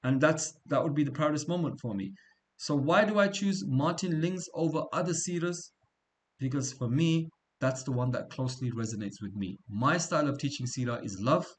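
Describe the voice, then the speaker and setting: A middle-aged man teaching a class in an informal, conversational way, often checking in with "right?" and repeating himself as he talks. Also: mid-range voice. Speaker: seerah teacher.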